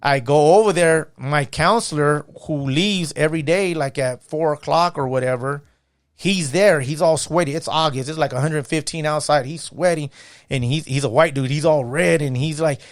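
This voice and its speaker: A man's voice: fairly high pitch, normal speed, no echo, studio quality. A middle-aged man from California's San Gabriel Valley, a podcast guest telling his own story in casual talk, acting out the voices of people he quotes. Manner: animated storyteller, acts out quoted voices, fillers like "you know what I mean". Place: podcast studio.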